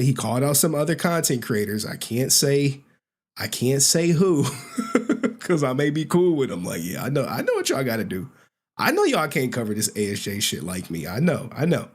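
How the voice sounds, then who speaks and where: A man's voice: mid-range voice, breathy edge. A young man hosting a livestream, rambling casually with slang and swearing and laughing often. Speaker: livestream host.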